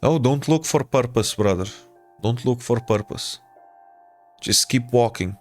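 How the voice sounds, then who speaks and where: A man's voice: medium pitch, a little slow, faint music behind. A man with a Portuguese accent, a native Portuguese speaker, chatting casually with viewers as a game streamer, repeating himself and calling people brother.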